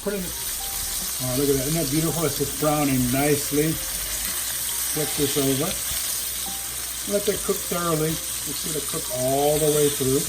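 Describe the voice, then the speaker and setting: A man's voice: a little high, fairly even intonation, a little slow, pauses often, noisy background. A middle-aged man hosting a home cooking show, talking in a chatty, folksy way with plenty of fillers and restarts. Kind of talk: casual cooking demonstration. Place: home garden, then a home kitchen.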